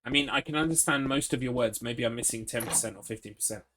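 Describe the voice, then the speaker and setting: An Englishman talks casually while he plays a horror game live and answers his viewers' messages. His voice is bright and forward. A faint hiss sits under the recording. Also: mid-range voice, fast talker. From England. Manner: chatty, swears, reads chat aloud and answers it. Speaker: streamer. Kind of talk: casual gaming commentary.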